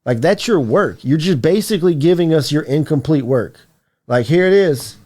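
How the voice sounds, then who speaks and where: Young man, loose co-host, swears freely, pitch swings widely while he rants. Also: moderate pace. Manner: profane, ranting, animated. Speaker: podcast co-host. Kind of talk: casual stoner chat.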